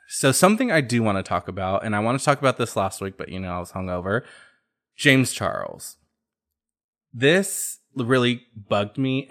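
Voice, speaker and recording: A man hosting a podcast, chatting casually and sassily about pop culture gossip. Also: medium pitch. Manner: sassy, chatty, animated storytelling. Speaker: podcast host.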